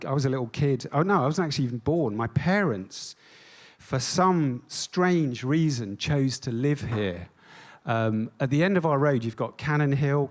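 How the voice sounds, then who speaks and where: A man giving a stage talk as an artist. He is self-deprecating and jokey, with many ums. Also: medium pitch. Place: on stage before an audience.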